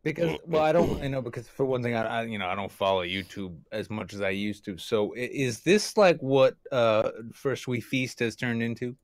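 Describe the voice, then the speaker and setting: A man's voice: mid-range voice, normal speed, hardly any pauses, no room sound, clean studio sound. A man co-hosting a live podcast, joking and crude, rambling with lots of false starts. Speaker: podcast co-host. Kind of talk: casual live-stream banter.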